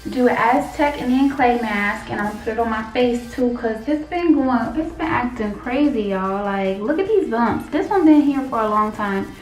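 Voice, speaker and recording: A woman's voice: fairly high pitch, expressive, normal speed, few pauses, far from the mic. A woman chatting casually to her viewers in a hair tutorial vlog, calling them y'all. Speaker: beauty vlogger. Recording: echoey room with faint music.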